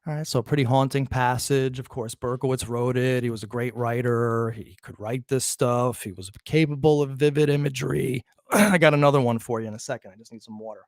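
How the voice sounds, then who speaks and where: A man's voice: medium pitch, fairly quick, a little mellow, no room sound, studio quality. A man hosting a true crime commentary, reading letter passages aloud and mocking his critics with chuckles and restarts. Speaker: true crime channel host.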